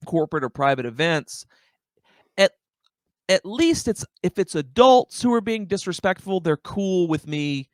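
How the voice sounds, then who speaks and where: Young male stand-up telling a story with lots of "like" and "dude", a bit high-pitched, dry close sound. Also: a little slow, dry recording. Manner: animated, filler-heavy, says "like" and "dude" often. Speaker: stand-up comedian, podcast guest. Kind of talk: casual storytelling chat.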